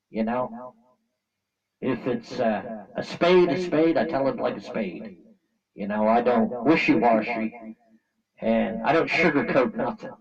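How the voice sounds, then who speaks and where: Vlogger, Canadian man, blunt and angry, colloquial and repetitive, recorded dull and distant with crowd noise behind. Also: medium pitch. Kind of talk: blunt opinion rant to camera.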